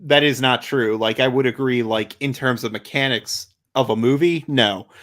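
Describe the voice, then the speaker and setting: A man hosting a casual podcast chat, animated, often stammering and repeating words when excited. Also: mid-range voice, normal speed. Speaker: podcast host.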